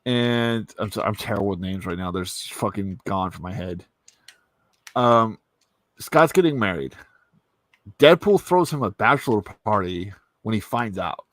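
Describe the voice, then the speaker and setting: A man hosting a casual live stream, talking in a rambling, animated way and swearing freely. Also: on the low side, a little slow, no echo. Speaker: stream host. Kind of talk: casual chat.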